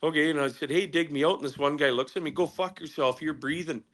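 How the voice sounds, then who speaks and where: A middle-aged man telling a story as a podcast guest, casual and profane, animated as he recounts events. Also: fairly high pitch, quick pace.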